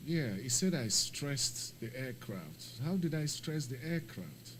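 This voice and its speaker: A man in his home setup talking through a flight-sim stream in a low, unhurried voice. He rambles and apologizes, thinking aloud as he clicks through menus. When something sets him off, he turns emphatic and laughs. Faint background noise sits under the speech. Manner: animated, emphatic when ranting, laughs often. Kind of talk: casual live-stream commentary.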